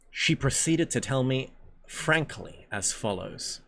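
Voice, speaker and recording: A man's voice: mid-range voice, animated, slow pace, vocal fry, a bit bright, a little hiss or hum. A man leading a reading group on a stream, reading a book aloud, stumbling over words and breaking off for casual, joking asides.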